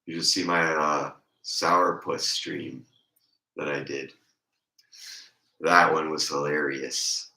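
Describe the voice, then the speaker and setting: A man with a very deep, congested voice chats slowly and casually on a stream. His tone is bright despite the low pitch, and the room around him is echoey. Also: fairly even intonation. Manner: slow rambling talk, voice squeaks and crackles when raised. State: congested throat.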